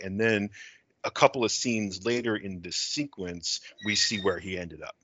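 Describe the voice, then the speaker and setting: Male podcast co-host, bright voice, casual storytelling, dull lo-fi recording. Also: moderate pace, dry recording. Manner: pitches scenes, acting out dialogue. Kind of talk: casual movie-remake brainstorming chat.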